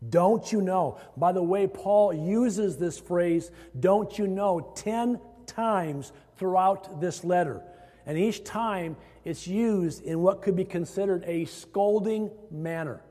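A man's voice: high-pitched, slow pace, dark tone. A man from Iowa, a pastor preaching a sermon to his congregation, stressing phrases as his voice rises. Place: church sanctuary. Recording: hall reverb.

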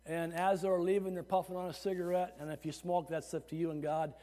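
High-pitched preacher guy, animated, chatty asides, big reverby sanctuary. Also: quick pace. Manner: animated preaching, rising to shouts. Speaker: pastor. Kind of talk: sermon. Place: church sanctuary. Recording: long hall reverb.

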